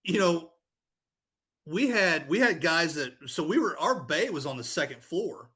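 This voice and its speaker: Male podcast host, husky bright voice with a fairly high pitch, laid-back and quick to agree. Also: lively intonation. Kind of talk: casual interview chat.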